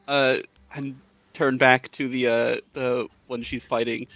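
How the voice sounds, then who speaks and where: A man at a tabletop game, hesitant and full of pauses, now and then putting on a playful in-character voice. His pitch is middling, and faint music plays behind him. He sounds a little distant from the mic. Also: little pitch movement, fairly bright tone. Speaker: player. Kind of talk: tabletop role-play.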